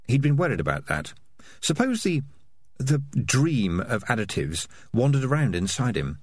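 A man narrating a storybook in a measured, lightly dry manner. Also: on the low side, big pitch swings, slightly rough, dry recording. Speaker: audiobook narrator.

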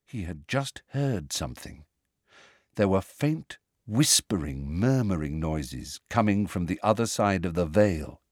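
A man narrating a storybook in a hushed, suspenseful way. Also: deep voice, lively intonation, unhurried, dry recording, studio quality. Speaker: audiobook narrator.

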